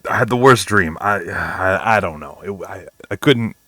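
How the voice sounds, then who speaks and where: A man's voice: deep voice, moderate pace, sharp tone, dry recording. A man voicing a jumpy, secretive male halfling who mumbles and dodges questions in a tabletop role-play game. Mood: evasive. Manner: evasive, mumbling.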